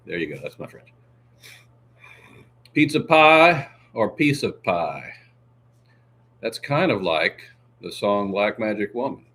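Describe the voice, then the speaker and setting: A man's voice: lowish voice, very animated, slow, pauses often, a bit bright, slight background noise. A man hosting a livestream, chatting casually with viewers in a jokey, meandering way and sniffling now and then. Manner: jokey, meandering, full of "uh" and asides. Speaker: livestream host. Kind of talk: casual rambling chat with viewers.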